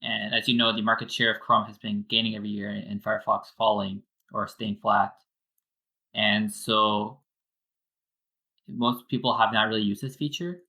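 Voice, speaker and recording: Bright-voiced man explaining software. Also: lowish voice, fairly even intonation, moderate pace, low-quality recording. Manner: explains step by step with frequent fillers. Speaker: wallet developer guest. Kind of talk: casual technical explanation.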